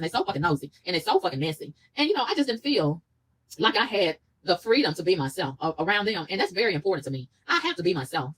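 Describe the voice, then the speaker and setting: A woman vlogger telling a story in a casual rant, animated, profane and indignant, with a husky voice. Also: fairly low pitch, low-quality recording.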